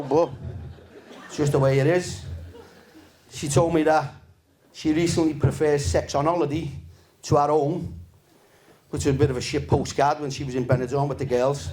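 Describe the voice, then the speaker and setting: A man, doing a stand-up comedy set in a relaxed, deadpan, sweary storytelling manner to a live audience. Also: mid-range voice, a little hiss or hum. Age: 50s.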